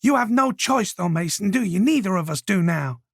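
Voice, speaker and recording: A man narrating an audiobook voices a cold, scheming woman who stays calm and firm, with a clipped, controlling manner. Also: high-pitched, normal speed, creaky, husky, dry recording, studio quality, voice pushed up, exaggerated voice. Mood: cool, persuasive. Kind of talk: audiobook character voice.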